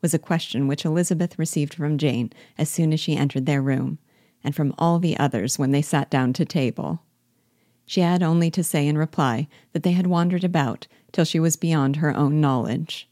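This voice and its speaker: Low-voiced woman reading a novel. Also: dark tone, no echo, studio quality. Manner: measured, clear narration. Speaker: literature guide reading aloud. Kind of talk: reading a classic novel aloud.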